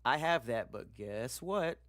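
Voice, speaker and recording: A man's voice: mid-range voice, lively intonation, takes it slowly, fairly bright tone, dry recording. A man streaming casually, chatting loosely with slang and swearing while he reacts to videos and reads viewer comments.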